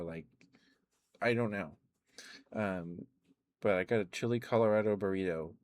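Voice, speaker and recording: A tired, worn-out man rambling softly and chuckling often, chatting sleepily to his stream viewers up close to the mic. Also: low-pitched. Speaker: ASMR streamer. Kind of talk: sleepy ASMR chat to live viewers.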